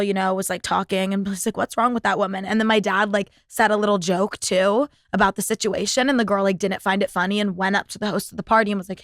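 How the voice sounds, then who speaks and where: A woman's voice: medium pitch, a bit bright, no echo, clean studio sound. Chatty profane young woman podcaster. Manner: chatty, profane, full of "like" fillers. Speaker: podcast host. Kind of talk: casual storytelling monologue.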